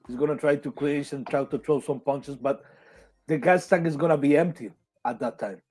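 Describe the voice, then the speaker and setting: A man giving halting, hesitant boxing analysis as a panelist. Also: a little high, darkish tone, husky. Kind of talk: casual boxing panel chat.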